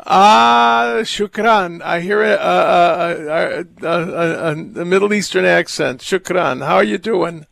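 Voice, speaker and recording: A man's voice: high voice, slow pace, creaky, hardly any pauses, fairly bright tone, no echo. An older man, a priest, hosting a call-in radio show, chatting in a rambling way with frequent laughs and stumbling restarts. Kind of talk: casual call-in radio talk.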